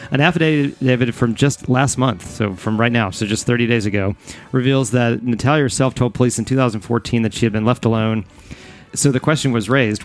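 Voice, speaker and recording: Casual man reading news, stumbling. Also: lowish voice. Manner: stumbles over words and restarts while reading.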